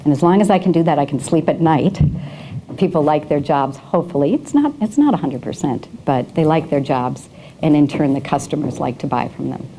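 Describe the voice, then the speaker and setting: Speaking briskly in a deep, mellow voice, a middle-aged guest speaker shares her career story during a breakfast leadership talk in an event room. She stumbles through fillers and restarts and chuckles at her own tales, all on a rough recording with slight background noise.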